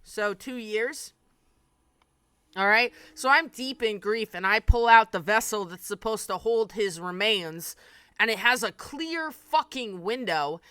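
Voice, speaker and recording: Young woman streamer, candid storyteller with a dark sense of humor and a dry, close sound. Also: a little high, smooth, no room sound. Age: 20s. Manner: candid, darkly funny, swears freely. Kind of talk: casual storytelling.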